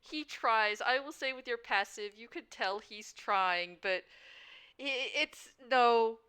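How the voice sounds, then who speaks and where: Woman game master, clear bright voice, slow and animated. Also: a little high. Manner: unhurried, animated narration, frequent laughter. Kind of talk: narrating a tabletop game.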